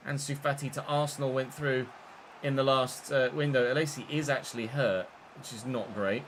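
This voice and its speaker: A man's voice: mid-range voice, moderate pace, a little hiss or hum. Man commentating his football game. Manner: chatty, swings between excited shouts and muttered asides. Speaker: gaming streamer.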